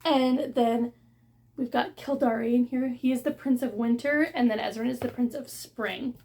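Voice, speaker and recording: A woman vlogging a casual book haul unboxing, gushing and excitable as she shows off her books. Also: fairly high pitch, normal speed, slight background noise. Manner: gushing and excitable, with gasps of delight.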